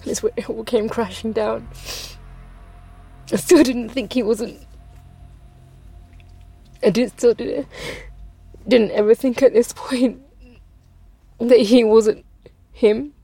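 A woman's voice: on the high side, steady tone, takes it slowly, creaky, long pauses, dark tone, breathy edge, faint music behind. A woman being interviewed who speaks hesitantly, searching for her words. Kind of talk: personal recollection in an interview.

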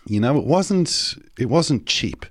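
A man's voice: medium pitch, lively intonation, slow, no room sound, studio quality. A man hosting a podcast, talking in a mock-serious critic's manner. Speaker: podcast host. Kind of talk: casual chat.

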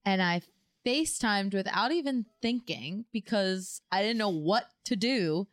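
A young woman co-hosting a podcast, telling a story in a casual, animated way and acting out the quotes. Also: measured pace, no echo, studio quality. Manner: animated, acts out quotes with big pitch jumps. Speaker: podcast co-host.

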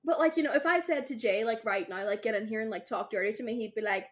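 A woman's voice: a little high, fast. Chatty young woman podcast host. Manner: animated storytelling, acts out quotes, says "like" a lot. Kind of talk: casual chat.

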